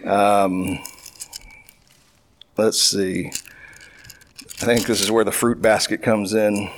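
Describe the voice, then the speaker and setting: A man preaching a Bible lesson, his voice sitting in an ordinary middle pitch. He reads verses aloud, then retells them in loose, repetitive everyday talk. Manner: conversational, paraphrasing scripture in plain talk with repetitions. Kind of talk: Bible teaching sermon.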